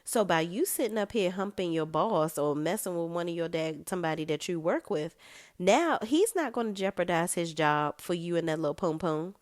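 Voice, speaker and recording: A woman's voice: lowish voice, animated, moderate pace, no room sound, clean studio sound. A woman recapping a TV episode in a casual, sassy, blunt way, full of slang. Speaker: TV recap vlogger.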